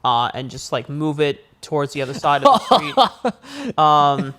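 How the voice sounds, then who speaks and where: Animated young man telling a story. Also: measured pace. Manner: animated storyteller, rises high acting out panic. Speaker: podcast co-host. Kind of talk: casual storytelling chat.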